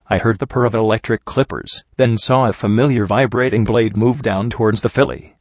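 A man narrating a first-person fantasy story as an audiobook reader, in a steady dramatic reading. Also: medium pitch, a little fast, few pauses, no echo, dull audio.

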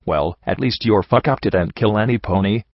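A man voicing a tough, battered young female pony mercenary who talks gruffly and bluntly, with a lot of swearing. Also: on the low side, normal speed, no echo, natural voice. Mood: wry. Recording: dull lo-fi recording.

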